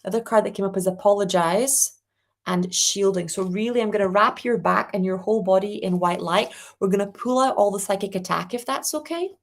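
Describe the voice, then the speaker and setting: A woman hosting a live spiritual reading, gently reassuring viewers and reading out their comments. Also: medium pitch, steady tone, brisk. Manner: reads viewer comments aloud. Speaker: angel reading host.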